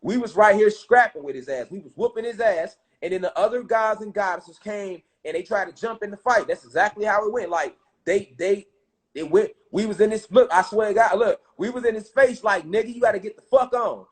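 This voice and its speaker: A man telling a spiritual story in casual, profane street slang, getting loud and excited at times. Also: high-pitched, fairly quick. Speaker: speaker.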